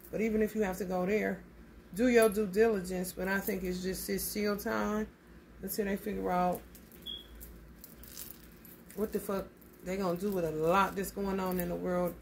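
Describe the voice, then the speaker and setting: A tarot reader with a mid-range voice gives a casual reading, blunt, emphatic and animated, swearing freely and calling her listeners honey. A slight hiss or hum sits in the audio.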